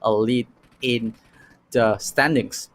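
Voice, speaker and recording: A man doing live play-by-play commentary on a mobile esports match, reacting with quick "ooh"s. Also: mid-range voice. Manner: excitable, frequent "ooh" and "oh" reactions. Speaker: esports caster.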